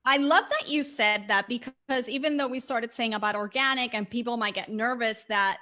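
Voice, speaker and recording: A woman's voice: fairly high pitch, moderate pace, few pauses, pushed and bright. A woman speaking as a guest in a conversational interview, earnest and emphatic, repeating words for stress.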